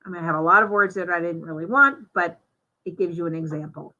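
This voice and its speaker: A woman giving a live software demonstration, talking through each step in a chatty way with fillers. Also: lowish voice, fast talker, muffled recording. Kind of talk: live software demo walkthrough.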